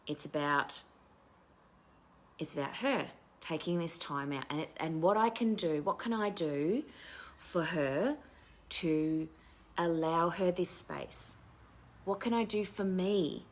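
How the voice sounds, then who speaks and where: A woman with a notably low voice hosts a live online wellness talk. She speaks candidly and reflectively as a coach, restarting her sentences as she goes. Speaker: midlife coach and show host.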